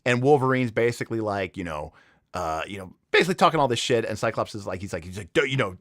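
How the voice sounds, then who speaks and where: A man's voice: lowish voice, animated, fast, a bit bright, no room sound, clean studio sound. A man hosting a livestream, chatting casually and telling a story with lots of fillers and restarts. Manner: rambling, enthusiastic storytelling with many fillers. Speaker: livestream host.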